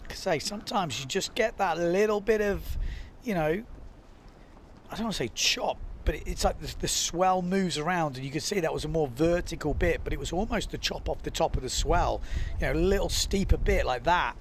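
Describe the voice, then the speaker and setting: A young man commentates live on a sport in a relaxed, chatty way, often filling gaps with "you know" as he talks. His voice sits a little higher than most men's. A faint hum of noise runs underneath. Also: a little fast. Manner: chatty, reads viewer comments, frequent "you know" fillers. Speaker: windsurf livestream commentator.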